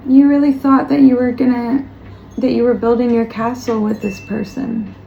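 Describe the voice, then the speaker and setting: Woman, soft-spoken tarot reader, reassuring, echoey room, faint background hiss. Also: a little high, flat delivery, normal speed, creaky, lo-fi sound. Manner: gentle, reassuring, repeats words for emphasis; speaks of spiritual guidance. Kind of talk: direct-to-viewer tarot reading. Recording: roomy echo, faint background noise.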